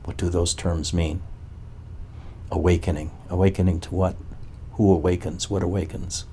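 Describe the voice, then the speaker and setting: A man's voice: sits low, little pitch movement, normal speed, mellow, slight background noise. A man as a spiritual teacher, giving a talk to a gathering and asking one probing rhetorical question after another.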